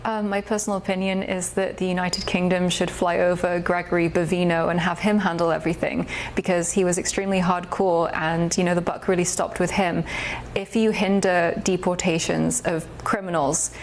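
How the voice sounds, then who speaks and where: A woman's voice: on the low side, level tone, moderate pace, a little hiss or hum. A woman giving a firm opinion in an interview clip.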